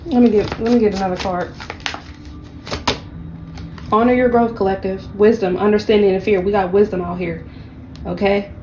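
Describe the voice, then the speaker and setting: A woman's voice: medium pitch, fairly even intonation, normal speed, long pauses, warm tone, slight background noise, poor audio. A woman giving a casual tarot reading, blunt and profane, with sassy, mocking asides. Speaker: tarot reader.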